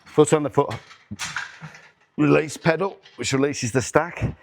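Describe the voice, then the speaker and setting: A man's voice: a little high, measured pace, creaky. A middle-aged man hosting a workout demonstration vlog in a gym, counting reps aloud and swearing and groaning as he strains through sets. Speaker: gym owner and host. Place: indoor gym.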